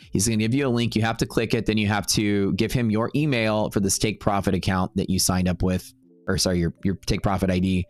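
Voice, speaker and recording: A man's voice: fairly low pitch, dry recording. A man hosting a live day-trading stream, talking loosely and rambling, with some casual swearing. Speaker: day-trading livestream host.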